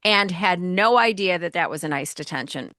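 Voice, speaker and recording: A woman from Chicago co-hosts a talk podcast, asking a guest questions and filling in background for listeners. Her voice is bright and crisp, and the sound is dry and close. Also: on the low side, lively intonation, normal speed, dry recording. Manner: asks guiding questions, gives background. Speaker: podcast co-host. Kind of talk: interview conversation.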